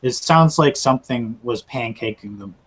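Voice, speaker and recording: A man narrating a tabletop role-playing game as game master, in a halting storytelling way. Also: mid-range voice, fairly bright tone, breathy edge, rough recording.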